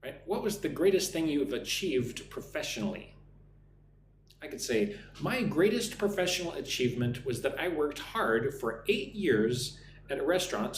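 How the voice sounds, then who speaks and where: A man in his thirties from the United States with an American accent, teaching English on a live stream, reading chat comments aloud and drilling pronunciation slowly. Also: on the high side. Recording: echoey room with faint noise.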